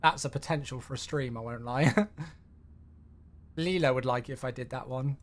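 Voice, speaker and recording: A man's voice: mid-range voice, moderate pace. A young man, chatting casually on a flight-sim live stream and thanking viewers by name.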